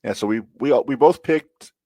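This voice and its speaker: A man co-hosting a podcast in casual chat, relaxed and full of fillers. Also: mid-range voice, a little fast, no room sound. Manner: relaxed, filler-heavy, chatty. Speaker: podcast co-host.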